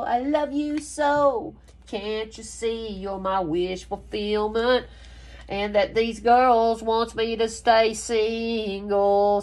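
A woman reads tarot cards in a casual spoken style. She talks in long, rambling runs and drops curse words freely. Her delivery is blunt and emphatic. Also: mid-range voice. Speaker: tarot reader.

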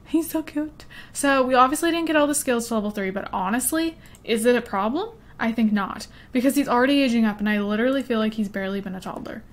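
Young woman, fairly high voice, giggly, rambling let's play commentary. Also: fast, hardly any pauses. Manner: chatty, giggly, easily distracted. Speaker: gaming YouTuber.

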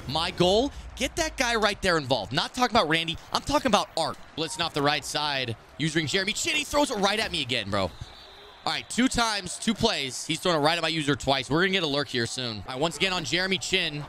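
Brash male streamer, slightly high, bright voice; excitable live game commentary with trash talk. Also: brisk, a little hiss or hum.

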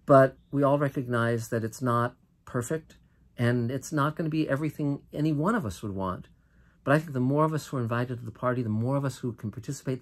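An older man from the United States hosts a solo political monologue to camera in a mid-pitched voice. He comes across as earnest and impassioned, restarting often and drawing out phrases for emphasis.

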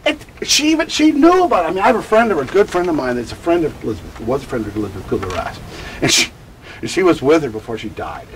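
A man who teaches about grief, answering interview questions in an animated, digressive way and acting out quotes. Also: fairly high pitch, quick pace, a little hiss or hum, rough recording. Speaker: grief educator.

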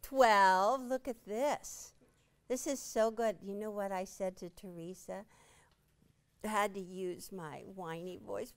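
A woman's voice: mid-range voice, steady tone, slow. A woman hosting a live quilting demonstration, chatting playfully and quizzing a small studio audience. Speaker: quilting instructor and show host.

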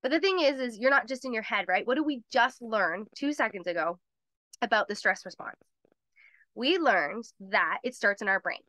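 A woman hosting a live online course, explaining in a chatty, quick way, laughing often and acting out little voices. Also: fairly high pitch, expressive, sharp tone, no echo. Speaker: course host. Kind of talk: live webinar lecture.

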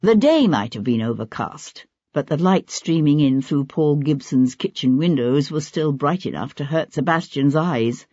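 An audiobook narrator reading a novel in measured, even scripted narration. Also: medium pitch, husky, dry recording. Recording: dull lo-fi audiobook recording.

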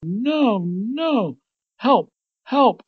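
A man's voice: fairly high pitch, big pitch swings, unhurried, slightly rough, phone-quality sound, exaggerated voice. Bugs Bunny, a cocky complaining cartoon rabbit, as a man puts him on. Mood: panicked. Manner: cheeky, whining complaints. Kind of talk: storybook reading.

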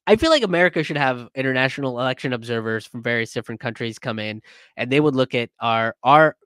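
A man's voice: mid-range voice, expressive, quick pace, a bit bright, clear, resonant tone, no room sound, studio quality. A man giving casual, rambling political commentary, sarcastic and sweary, with many fillers and restarts. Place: in a car.

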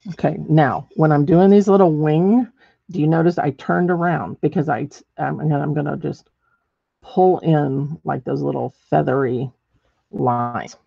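Gravelly middle-aged woman instructor, chatty demo host, dry muffled recording. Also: deep voice, a little slow, no room sound. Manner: chatty, thinks aloud while working, many ums. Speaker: ceramics painting instructor. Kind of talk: live painting demonstration.

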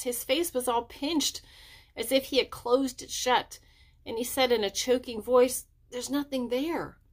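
Woman reading a children's story aloud. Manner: lifts pitch sharply for children's dialogue. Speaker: audiobook reader. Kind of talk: storybook narration.

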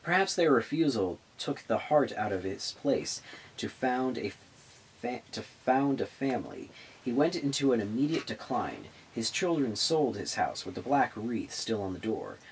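A man's voice: mid-range voice, lively intonation, normal speed, a little hiss or hum, poor audio. A man reading a novel aloud, stumbling over words and restarting lines. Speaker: reader of a novel on a public access show.

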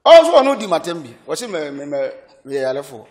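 Fast-talking Ghanaian man, animated. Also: on the high side. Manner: animated, switches between Twi and English, laughs often. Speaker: interviewee. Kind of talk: casual interview.

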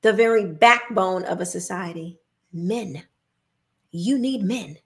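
A woman's voice: medium pitch, slow pace. A woman hosting her own show, giving an emphatic, preachy opinion monologue and mocking the people she quotes. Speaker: host.

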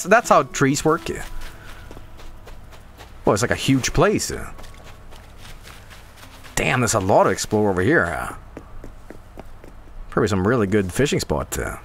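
A man's voice: medium pitch, wildly swooping pitch, moderate pace, pauses often, fairly bright tone, a little hiss or hum. A young man from Canada chatting casually through a gameplay stream, rambling, joking and correcting himself as he goes.

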